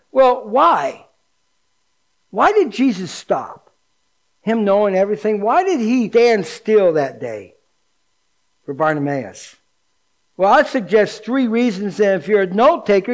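A middle-aged man preaching as a pastor, animated and folksy, dropping to a hushed low voice for emphasis. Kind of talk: sermon.

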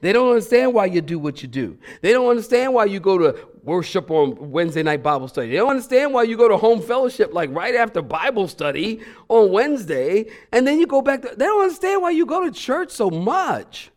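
A middle-aged man preaching a lively, conversational sermon as a guest preacher, playfully acting out voices. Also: sits high, brisk, hardly any pauses.

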